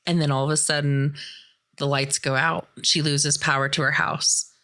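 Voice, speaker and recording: A woman hosting a podcast, casually recapping a horror film in an animated way and swearing freely. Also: deep voice, moderate pace. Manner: animated, profane retelling. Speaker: podcast host.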